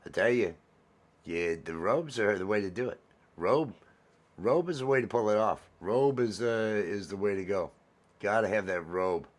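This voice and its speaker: A man with a voice on the low side speaks at a moderate pace as host of a casual livestream vlog. He rambles cheerfully while chatting with viewers, repeating his own phrases.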